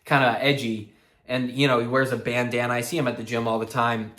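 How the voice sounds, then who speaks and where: In a loose, chatty vlog about metal and horror, this man speaks a little fast in a medium-pitched, somewhat bright voice with a flat delivery. He tells stories while laughing and cursing along the way.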